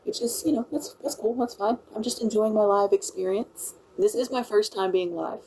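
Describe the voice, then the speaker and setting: Poor audio with a little hiss or hum captures a Louisiana woman with a country, Cajun-accented voice that is mid-range and dark, at a normal speed. She hosts a casual livestream, rambling on and thanking her viewers.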